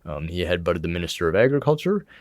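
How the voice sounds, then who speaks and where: A man's voice: sits low, sing-song, quick pace, a little hiss or hum. A man co-hosting a podcast, recapping episodes in casual, rambling chat with repeated words. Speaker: podcast co-host.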